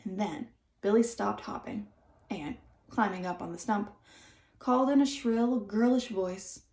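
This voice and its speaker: A woman reading a children's chapter book aloud in a lively, expressive storytelling manner. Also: mid-range voice, measured pace. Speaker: audiobook reader. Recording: roomy echo.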